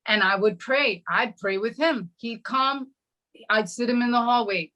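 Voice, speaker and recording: Bright-voiced woman telling her testimony. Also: fairly high pitch, a little slow. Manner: animated, acts out quoted dialogue. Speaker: guest sharing a personal testimony. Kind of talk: emotional storytelling interview.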